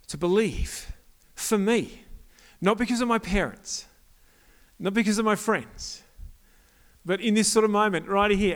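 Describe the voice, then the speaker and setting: A young man giving a casual, joking sermon to a youth group, often asking the crowd questions. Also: high voice.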